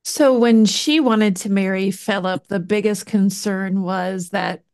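A woman hosting a casual podcast interview, asking measured questions and offering short agreeing replies. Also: medium pitch, a little mellow, smooth. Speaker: podcast host.

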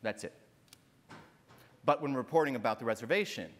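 A man's voice: medium pitch, a little fast, pauses often. A man from northern Minnesota, an author at a literary festival, telling a personal story on stage in an earnest, emphatic way, often tagging his points with "right?". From northern Minnesota, USA. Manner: earnest, emphatic, repeats phrases and tags "right?". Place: large hall on stage. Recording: reverberant lecture hall.

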